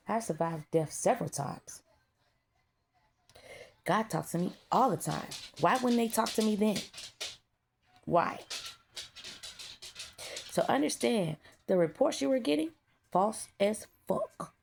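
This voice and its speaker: A vlogger with a lowish, slightly mellow voice that is heavily gravelly and full of vocal fry delivers a defiant, profanity-laced spiritual monologue, piling up emphatic declarations. Slight background noise is audible.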